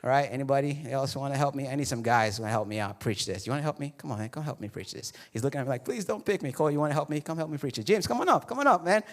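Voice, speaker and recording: A man's voice: mid-range voice, very fast, few pauses. A man preaching a sermon to his congregation in a casual, joking way. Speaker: pastor. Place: church hall before a congregation.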